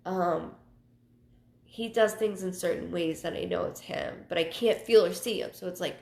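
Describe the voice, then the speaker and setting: A woman psychic medium hosting her live show, chatting casually and telling personal stories in a halting way, often repeating words. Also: lowish voice, gravelly, darkish tone. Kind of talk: casual livestream talk. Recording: roomy echo.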